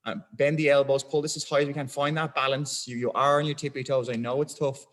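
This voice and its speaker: A man's voice: mid-range voice, steady tone, fast talker, a bit bright, echoey room. Man coaching a weightlifting class. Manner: encouraging, counts down and calls positions. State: out of breath. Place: gym.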